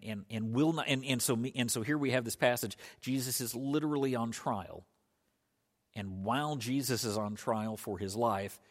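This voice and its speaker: A man preaching a sermon earnestly, with frequent restarts and emphatic rises in his voice. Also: lowish voice. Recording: long hall reverb.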